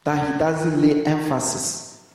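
Slow, measured preacher in an echoey hall. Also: male voice, fairly high pitch, flat delivery, a little mellow, far from the mic. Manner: call-and-response preaching, asks congregation to complete sentences. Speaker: pastor. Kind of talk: sermon. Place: church hall.

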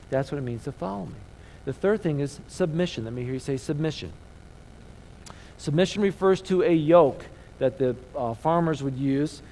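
A man's voice: on the high side, gravelly, mellow, slight background noise, low-quality recording. A male pastor giving a conversational sermon, asking rhetorical questions and calling on the audience to repeat key words after him. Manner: call-and-response, asks audience to repeat words.

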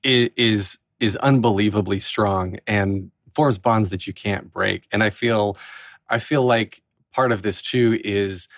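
A man hosting a podcast interview, asking questions and reflecting in a measured, conversational way. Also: fairly low pitch, no room sound, clean studio sound. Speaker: podcast host.

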